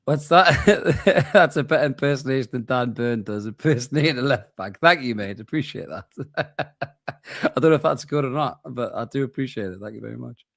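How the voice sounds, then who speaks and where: A man's voice: mid-range voice, moderate pace, gravelly, fairly bright tone, no room sound, studio quality. Tired man bantering on a late-night stream. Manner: laid-back, swearing, joking banter. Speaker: co-host of a football watchalong stream. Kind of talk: casual live match chat.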